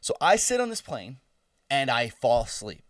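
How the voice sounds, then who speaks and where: A man's voice: mid-range voice, very animated, normal speed, a bit bright, no room sound, clean studio sound, recorded from a distance. A young man in his twenties, co-hosting a podcast, telling a story in a loose, profane, laughing way. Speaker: podcast co-host. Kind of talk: casual storytelling chat.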